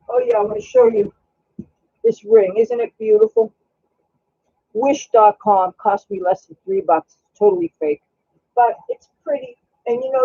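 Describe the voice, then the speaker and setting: A man's voice: extremely high pitch, slightly rough, no room sound, lo-fi sound. A man hosting a casual live stream while baking in his home kitchen. He is chatty and coos baby talk at his cat.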